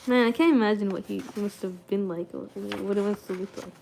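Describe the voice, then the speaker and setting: A young woman streaming reads aloud from a book, stumbling and restarting frequently, then wanders into casual talk with viewers laced with "like" and "I don't know." Her medium-pitched, warm voice moves fairly quickly over slight background noise.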